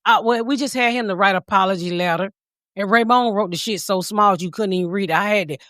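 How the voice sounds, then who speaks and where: A woman podcast host telling a comedic story in a profane, animated way, laughing as she talks. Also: mid-range voice, quick pace, dry recording, studio quality.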